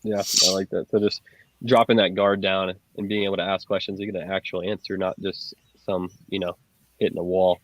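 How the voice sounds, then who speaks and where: A man's voice: low-pitched, little pitch movement, brisk, slight background noise. Casual male host, dull lo-fi sound. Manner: casual, loose with fillers. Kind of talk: casual interview chat. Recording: dull lo-fi call audio.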